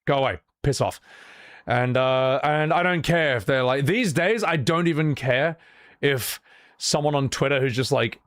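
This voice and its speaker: A man's voice: mid-range voice, normal speed, fairly bright tone, dry recording, clean studio sound. Blunt, profane streamer man venting. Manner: blunt, profane, exasperated venting with frequent restarts. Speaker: livestreamer. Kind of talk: casual livestream chat.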